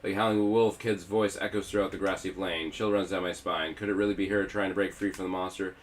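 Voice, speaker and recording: A man's voice: deep voice, fairly even intonation, brisk. A man streaming himself as he reads a video game's story text aloud, with dramatic emphasis. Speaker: let's-play streamer. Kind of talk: reading game text aloud. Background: faint game music.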